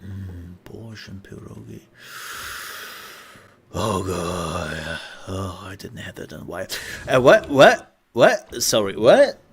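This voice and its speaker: A man's voice: deep voice, lively intonation, slow pace, hardly any pauses, breathy edge. Playful, rambling man streaming a game. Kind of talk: casual live-stream commentary.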